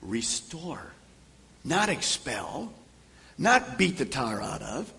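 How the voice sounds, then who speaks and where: An older man preaching a sermon as pastor, acting out little conversations and swinging from loud, emphatic lines to hushed, intimate ones. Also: medium pitch, big pitch swings, slow.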